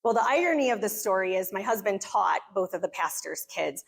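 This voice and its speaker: A middle-aged American woman speaking to a church gathering, telling a personal story in an earnest, animated way. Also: medium pitch, fairly quick, vocal fry. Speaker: conference speaker. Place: church hall.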